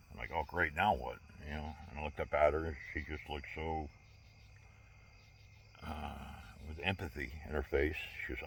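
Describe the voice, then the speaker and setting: A man's voice: very deep voice, breathy edge. A man in his sixties telling personal stories in a candid, rambling way, with wry humor. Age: 60s. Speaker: vlogger. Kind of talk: casual personal storytelling.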